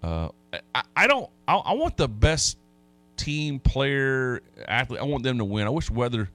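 A man's voice: mid-range voice, big pitch swings, moderate pace, pushed and bright. A man hosting a sports talk radio show, telling stories in a folksy, rambling way with many restarts. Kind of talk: casual sports radio chat.

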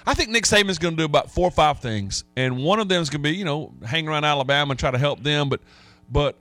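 A man hosting casual sports talk radio, telling stories and getting animated when he quotes others. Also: fairly high pitch, quick pace, no echo.

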